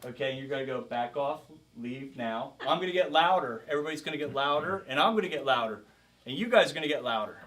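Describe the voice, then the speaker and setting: A man's voice: a little high, lively intonation, very fast, a bit bright. A man teaching a self-defense class as karate instructor, coaching a group with energy and calling out drills. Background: group of participants.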